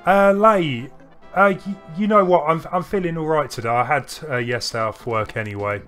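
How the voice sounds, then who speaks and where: A man's voice: a little high, normal speed, fairly bright tone, clean tone, faint music behind. A man co-hosting a game stream, chatting casually and rambling with restarts while he plays. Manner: rambling, with frequent restarts and laughs. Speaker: streamer co-host. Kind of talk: casual chat while playing games.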